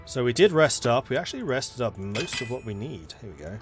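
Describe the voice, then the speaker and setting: A man's voice: medium pitch, lively intonation, brisk, soft background music. A man chatting casually and thinking aloud as he plays a video game, poking fun at himself. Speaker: gaming YouTuber. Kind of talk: casual gameplay commentary.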